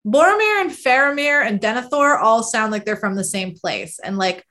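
A woman's voice: a little high, expressive, normal speed, bright, forceful tone. A woman in casual conversation, rambling and filling her speech with "like" and frequent laughs. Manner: rambling, heavy use of "like", laughs often. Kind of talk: casual chat.

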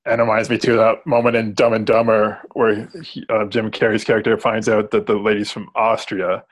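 A man co-hosting a casual movie chat, easygoing and quick to agree, laughing softly. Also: fairly low pitch, level tone. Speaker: podcast co-host.

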